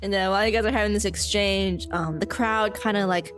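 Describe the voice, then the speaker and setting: A woman's voice: medium pitch, steady tone, fairly quick, soft background music. A woman narrating a tabletop role-playing game as game master, often breaking into giggles and using lots of fillers.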